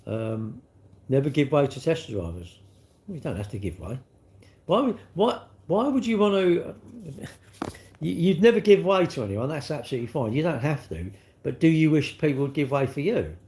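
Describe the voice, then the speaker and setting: A middle-aged man chats on a live stream, rambling from point to point. He rants with rhetorical questions, and his middle-pitched voice swings up and down a great deal. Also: sing-song, a little fast, dark tone. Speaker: livestream host. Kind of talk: casual live-stream chat reading comments.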